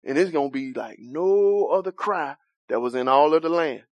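Man, Bible study teacher, fairly high voice, dry close sound, chatty, asks the group questions. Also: lively intonation, moderate pace, no echo, muffled recording. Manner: conversational, questions the group, laughs often.

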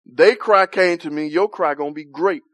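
A man's voice: on the high side, normal speed, a bit bright, dry recording. A man leading an interactive Bible study, talking conversationally, questioning the group and laughing often.

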